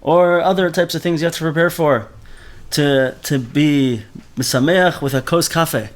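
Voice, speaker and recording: A man's voice: a little high, a little slow. Man teaching a Torah class. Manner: animated, mixes Hebrew terms into speech, repeats words often.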